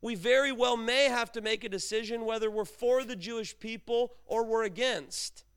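A middle-aged man preaching in a casual, conversational way. His voice sits high and sounds clean and resonant. He often slips into acted-out dialogue and climbs higher to stress a point. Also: moderate pace, fairly bright tone, smooth. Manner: conversational preaching, acts out dialogue, emphatic rises. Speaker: pastor. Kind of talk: sermon.

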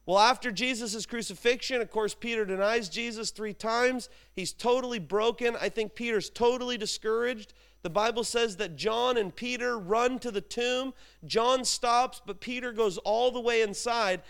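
A man's voice: extremely high pitch, normal speed, gravelly, hardly any pauses, fairly bright tone, clean tone. A man preaching a sermon in an informal, chatty way, telling stories and making asides to his congregation. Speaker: pastor. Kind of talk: conversational sermon.

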